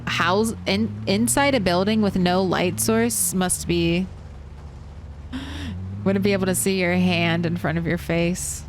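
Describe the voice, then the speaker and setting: A woman's voice: on the low side, steady tone, slow pace, slight background noise. A woman streaming a survival game, chatting casually and answering her chat as she plays. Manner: chatty, reads and answers chat while playing.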